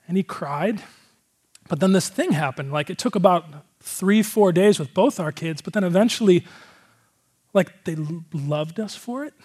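A man's voice: high-pitched, moderate pace, a little mellow, husky. A male pastor giving a casual, conversational sermon, earnest and rambling, with a lot of filler words.

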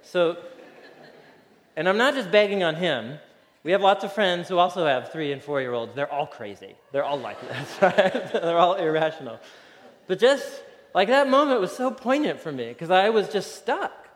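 A man's voice: high voice, animated, moderate pace. A man in his thirties, a pastor giving a sermon in a conversational, storytelling way and chuckling often. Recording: reverberant hall.

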